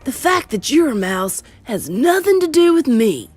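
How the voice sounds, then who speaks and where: A woman voicing a loudmouthed, greedy, spoiled boy who has been turned into a mouse, shouting indignantly in a storybook read-aloud. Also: medium pitch, big pitch swings, moderate pace, slightly rough, soft background music.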